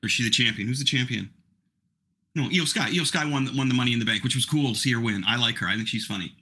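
A man's voice: mid-range voice, quick pace, bright, forceful tone, husky. A middle-aged man hosting a podcast, chatting casually in a rambling, self-mocking way. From Canada. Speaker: podcast host. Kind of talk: casual chat.

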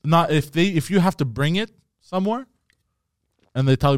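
A man calmly giving matter-of-fact answers in casual chat. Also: fairly high pitch, brisk, clear, resonant tone, no echo, studio quality. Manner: calm, matter-of-fact explaining.

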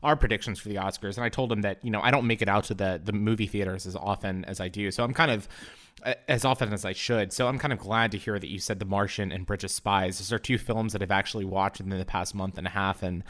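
Easygoing male podcast host with a lowish voice and lots of fillers. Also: steady tone, quick pace, fairly bright tone. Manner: conversational with many fillers. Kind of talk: casual podcast interviewing.

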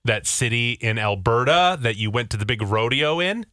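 A man hosts a casual podcast with a bright, forward tone, teasing the others and laughing often. The sound is dry and close, with no room around it. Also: medium pitch, expressive, normal speed, clean tone, no room sound. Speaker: podcast host.

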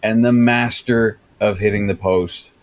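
A man's voice: on the low side, steady tone, measured pace. Emphatic swearing Canadian man. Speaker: podcast guest. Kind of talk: casual chat.

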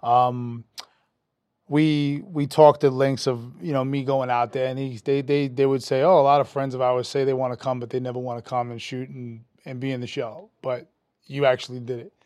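A man, a metal musician guest telling an animated, profane story in a casual interview, raising his voice when quoting people. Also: mid-range voice, moderate pace, clean tone, no echo, studio quality. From New York. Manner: animated, profane, acts out quotes with a rising voice.

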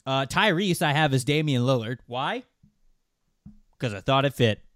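A man's voice: mid-range voice, lively intonation, moderate pace, fairly bright tone. A man hosting a casual podcast, chatty and explanatory as he reads listener questions. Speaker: podcast host.

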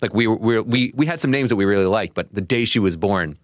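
Young adult male producer, lower voice, earnest reflective delivery, dry studio sound. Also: animated, quick pace, dry recording. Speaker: podcast producer. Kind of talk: casual chat.

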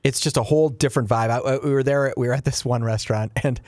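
A man co-hosting a casual chat show, telling stories with lively acted-out quotes. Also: mid-range voice, fast, dry recording, studio quality. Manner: animated storyteller, acts out quotes. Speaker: co-host.

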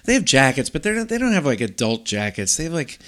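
A middle-aged man telling a long story in casual talk, rambling and animated, with many restarts. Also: medium pitch, quick pace.

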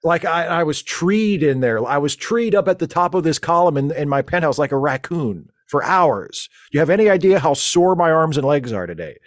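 A man's voice: a little high, expressive, normal speed, hardly any pauses, dry recording, studio quality, close to an everyday voice. A man playing a flustered, rambling space-fleet lieutenant who stammers through a comedic audio monologue.

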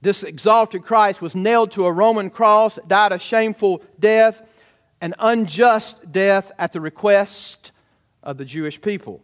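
A man preaching a sermon as pastor in a church, emphatic, with rhetorical tag questions and loud rising peaks. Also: high voice, unhurried. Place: church sanctuary.

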